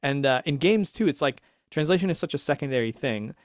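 A man co-hosting a casual podcast discussion, talking in an animated, rambling way with restarts and laughs. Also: mid-range voice, brisk, dry recording, clean studio sound. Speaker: podcast co-host.

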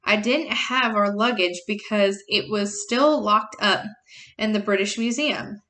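A woman reading a novel chapter aloud as a teacher, plain and unhurried, correcting herself and adding short explanations. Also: mid-range voice, sharp tone.

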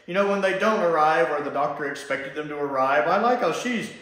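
An enthusiastic man talking through a casual review, his fairly high voice swinging up and down and often breaking into laughter. He sounds like he is in a very echoey room. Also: lively intonation, fairly quick, a bit bright. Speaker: TV show reviewer. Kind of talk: casual solo review vlog.

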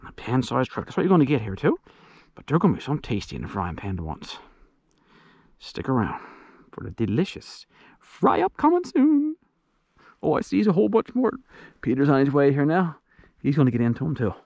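A man on a pond in a kayak, giving casual running commentary while fishing and calling excitedly to his dog and his viewers. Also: mid-range voice, husky. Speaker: outdoors vlogger.

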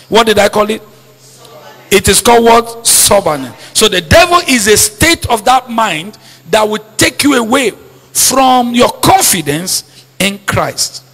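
A man's voice: high-pitched, a bit bright, slightly rough, in a large hall. A man preaching a sermon as pastor, stressing points and asking the congregation to repeat his lines back. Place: church.

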